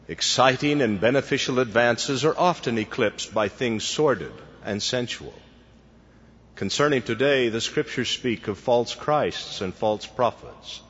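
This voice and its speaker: A man, a church leader, giving a formal devotional address to students in a measured, deliberate manner. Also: mid-range voice, breathy edge. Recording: dull lo-fi recording with long hall reverb.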